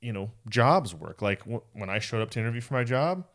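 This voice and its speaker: A man speaking at a church series, talking through his thoughts reflectively and often pausing to search for words. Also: medium pitch, lively intonation, fairly bright tone. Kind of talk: conversational talk in a church series.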